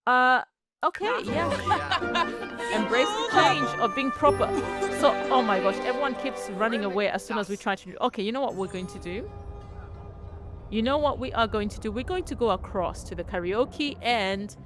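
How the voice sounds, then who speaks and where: A woman's voice: fairly high pitch, animated, brisk. A woman giving casual let's-play commentary, chatty and exclaiming, talking to the game characters while game music plays. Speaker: gameplay commentator.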